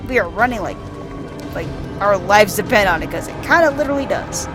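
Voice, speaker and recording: A woman's voice: mid-range voice, lively intonation, a little fast, music in the background. A woman casually narrating a video game playthrough, describing the screen aloud and swearing now and then. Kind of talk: casual let's-play narration for blind listeners.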